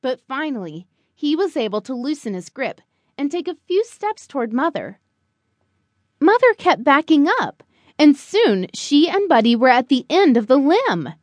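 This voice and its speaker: A woman narrating a children's storybook in a slow, expressive, animated way. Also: high voice, dry recording. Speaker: audiobook narrator.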